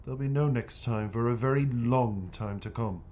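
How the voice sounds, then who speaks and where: A man's voice: mid-range voice, normal speed, dark tone, dull audio, a little hiss or hum, close to an everyday voice. A man voicing a stern older woman who runs a boys' home, scolding in a storybook reading.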